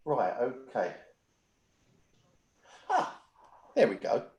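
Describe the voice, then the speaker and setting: Chatty medium in an echoey room. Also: male voice, medium pitch, wildly swooping pitch, extremely slow, darkish tone. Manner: chatty, checks in with the sitter often. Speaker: spiritual medium. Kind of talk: giving readings at a spiritual service. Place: at home.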